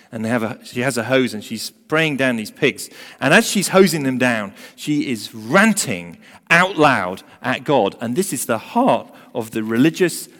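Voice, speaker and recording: A man preaching a sermon who tells a story emphatically, swinging between loud emphasis and hushed asides. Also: medium pitch. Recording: long hall reverb.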